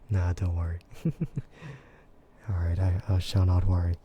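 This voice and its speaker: An American man chatting in a soft, gentle ASMR voice, relaxed and hesitant with frequent giggles. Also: deep voice, takes it slowly, pauses often, slight background noise. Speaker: VTuber streamer. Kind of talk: soft-spoken ASMR chat.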